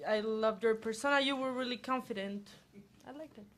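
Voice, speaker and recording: A female judge with a fairly high voice gives calm, measured feedback. Faint noise sits behind her in the room.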